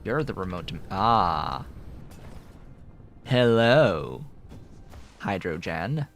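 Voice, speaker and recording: A man's voice: big pitch swings, very slow, creaky, a bit bright. A man chatting casually as he streams a game, rambling and thinking aloud. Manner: rambling, talks to his cat in a high baby voice. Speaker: gameplay streamer. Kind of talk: casual gameplay commentary. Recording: faint music behind.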